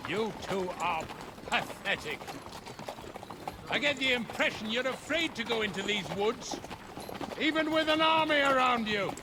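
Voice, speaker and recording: An actor playing a haughty medieval chamberlain who talks down to others, with music behind him in a game. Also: male voice, extremely high pitch, expressive, measured pace, pauses often, noisy background. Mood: scornful. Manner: scornful, commanding.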